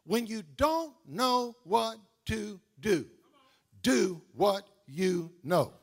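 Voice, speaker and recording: A man preaching a sermon in a church, with shouted, sing-song calls out to the congregation. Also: sits high, lively intonation, drawn-out words, creaky. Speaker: pastor. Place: church sanctuary.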